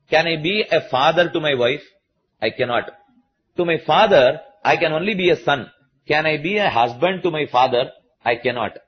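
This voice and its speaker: A man with an Indian English accent giving a slow, patient religious discourse to a listening audience, repeating key points as he explains. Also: fairly high pitch, slightly rough, dull audio. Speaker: spiritual teacher.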